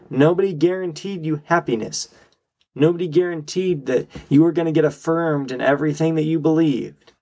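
Young man, podcast host, gravelly voice, emphatic, argumentative solo commentary. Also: on the high side.

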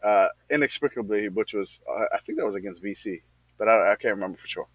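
A man's voice: fairly low pitch, fast talker, slightly rough, no room sound, poor audio. A man co-hosting a casual sports podcast who rambles through his stories and pokes fun at himself, laughing as he goes. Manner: rambling, self-mocking, laughs while telling stories. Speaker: podcast co-host, league commissioner.

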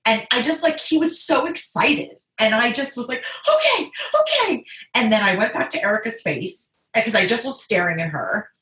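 A woman casually telling a personal story, animated and often laughing. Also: normal speed, hardly any pauses. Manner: animated, laughs often, quotes others in high voices. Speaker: guest telling her birth story. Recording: echoey room.

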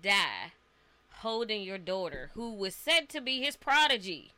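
Bright-voiced woman telling a story. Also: medium pitch, very animated, a little slow. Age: adult parent. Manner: earnest storytelling, acts out dialogue. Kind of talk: casual podcast chat.

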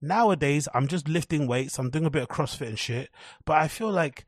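Rambling, profane podcast host. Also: male voice, on the high side, brisk, no echo, clean studio sound. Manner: rambling, profane storytelling with animated quoted voices. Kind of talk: casual solo monologue.

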